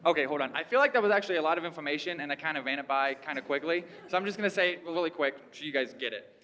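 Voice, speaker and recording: High-voiced comedian in a theater hall. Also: male voice, racing. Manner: animated, laughs at own jokes. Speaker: stand-up comedian. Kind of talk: stand-up comedy. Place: historic theater stage with live audience.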